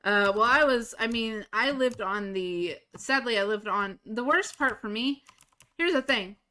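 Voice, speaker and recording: A woman's voice: on the high side, lively intonation, measured pace, sharp tone, clean tone. A woman streaming a game live, telling stories in casual chat, blunt and swearing freely. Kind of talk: casual chat while gaming.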